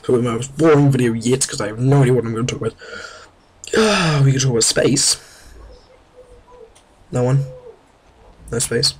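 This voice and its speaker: A man's voice: mid-range voice, moderate pace, long pauses, breathy edge. A young man with a New Zealand accent, rambling casually and mocking himself over a strategy game. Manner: rambling, self-mocking, chatty. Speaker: gameplay commentator. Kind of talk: casual gameplay commentary.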